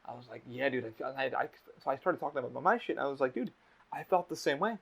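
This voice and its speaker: A man's voice: mid-range voice, expressive, quick pace, vocal fry, a bit bright, husky. A man hosting a podcast in casual chat, talking candidly and rambling, swearing a lot. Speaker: podcast host. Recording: dull lo-fi audio.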